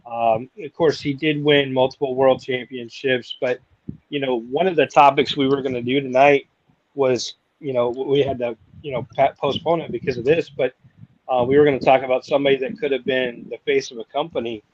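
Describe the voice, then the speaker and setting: A man's voice: mid-range voice, steady tone, brisk, lo-fi sound. Rambling man in casual wrestling chat. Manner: rambling, lots of "you know" fillers. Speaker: podcast co-host.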